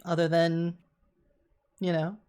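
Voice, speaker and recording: A woman narrating as game master of a tabletop game, relaxed and descriptive with fillers. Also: lowish voice, takes it slowly, smooth.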